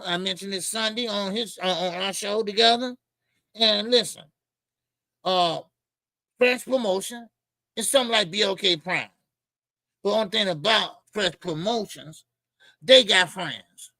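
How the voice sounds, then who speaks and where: Gravelly high-voiced man ranting about boxing. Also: no room sound. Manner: animated, blunt and profane, ranting. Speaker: boxing show host. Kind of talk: casual boxing commentary.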